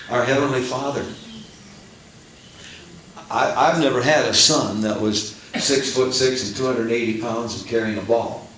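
A man preaching a sermon in a folksy, animated way, swelling into excited outbursts, heard from a distance in an echoey church. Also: mid-range voice, background noise. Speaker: pastor. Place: church sanctuary.

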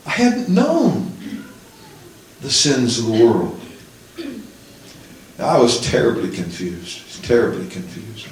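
A man's voice: medium pitch, slight background noise. A man in his sixties preaching a heartfelt testimony sermon, telling his story with emotion and pleading rises. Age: 60s. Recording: echoey room, distant from mic.

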